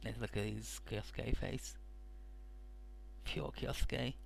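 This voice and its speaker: A man's voice: medium pitch, steady tone, slow, vocal fry, a little hiss or hum. A man narrating a video game in a casual, profane style, loosely paraphrasing the dialogue. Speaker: let's play narrator.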